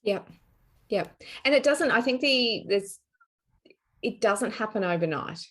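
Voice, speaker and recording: A woman podcast host asking thoughtful questions and warmly affirming her guest's points. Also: on the high side, animated, unhurried. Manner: affirming, thoughtful, frequent agreeing. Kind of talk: interview conversation.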